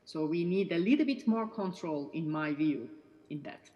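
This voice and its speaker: A woman with a somewhat low voice answers questions after a keynote lecture, thinking aloud and pausing with fillers. A long reverb hangs on the sound. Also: animated, mellow, dull audio. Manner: thoughtful, with fillers and restarts. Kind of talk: academic discussion answer.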